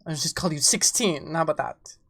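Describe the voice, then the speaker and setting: Speaking with a low, gravelly voice at a brisk clip, this English woman chats casually on her livestream. She's playful and greets viewers as darling.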